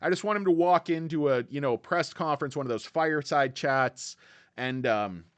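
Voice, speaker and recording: A man's voice: fairly high pitch, moderate pace, clean tone, no room sound. A middle-aged man hosting a stock market livestream, chatting casually, reading out comments, rambling and joking with lots of fillers. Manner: excitable, jokey, rambling with many fillers.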